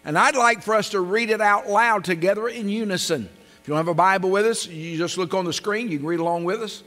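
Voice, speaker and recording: A man preaching a sermon, his fairly high voice ringing through a big reverberant church hall. He reads scripture slowly and with force, then drops almost to a murmur when he prays. A low mains hum sits under the recording. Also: soft background music. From came to North Carolina at seventeen. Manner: emphatic preaching, swelling loud on scripture and dropping soft in prayer. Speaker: pastor. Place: church sanctuary.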